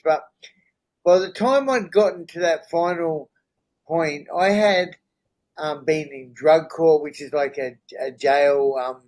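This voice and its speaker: A man's voice: on the high side, rough recording. A middle-aged man, a podcast guest, candidly telling his own story in an earnest way and checking in with the listener as he goes. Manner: earnest, checks in with "right?" and "you know?".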